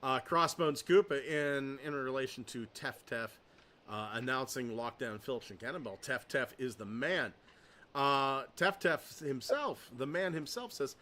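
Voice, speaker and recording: A man's voice: medium pitch, a little slow, sharp tone, slight background noise. A man hosting a casual podcast, reading viewer comments aloud with offhand, dry asides. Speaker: podcast host.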